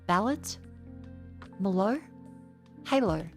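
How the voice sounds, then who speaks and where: A woman streamer, stuffy from a sinus infection, chatting casually on a desk mic in a profane, rambling, excitable way. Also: mid-range voice, slow pace, soft background music. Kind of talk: casual gaming stream chat. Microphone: desk microphone.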